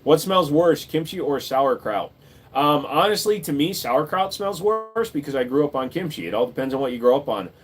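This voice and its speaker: A man's voice: fairly high pitch, animated, moderate pace. A man hosting a livestream, reading chat and answering in a laid-back, joking way, swearing casually and saying "dude" a lot.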